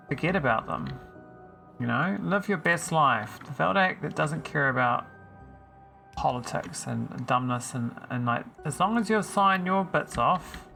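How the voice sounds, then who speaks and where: A man's voice: medium pitch, vocal fry, sharp tone. A man streaming a game, chatting casually and teasing his viewers while he thinks aloud. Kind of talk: casual live-stream chat while playing.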